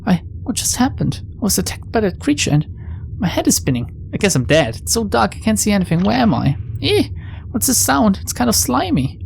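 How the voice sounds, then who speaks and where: A woman's voice: mid-range voice, sing-song, brisk, gravelly, a little mellow, a little hiss or hum, voice pushed up. A woman voicing a panicky young detective heroine. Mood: terrified. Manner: panicky, stammering, pleading. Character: frightened young woman detective trapped with a monster. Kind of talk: reading a visual novel's lines aloud.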